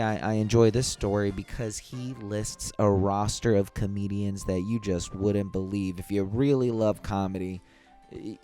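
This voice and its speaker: A man's voice: fairly low pitch, mellow. A man hosting a casual podcast clip show, talking in a loose, rambling way. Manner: loose, rambling, pleading asides. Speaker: podcast host.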